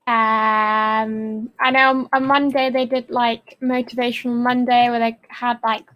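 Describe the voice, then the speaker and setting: A woman's voice: on the high side, little pitch movement, unhurried, muffled recording. A young adult woman co-hosting a stream, talking casually and rambling with lots of "like" fillers. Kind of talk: casual livestream chat.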